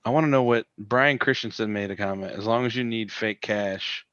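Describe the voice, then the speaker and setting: A man talking casually as a guest, animated, filling his talk with "like". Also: fairly low pitch, a little fast, dry recording, highs cut off. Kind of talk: casual chat.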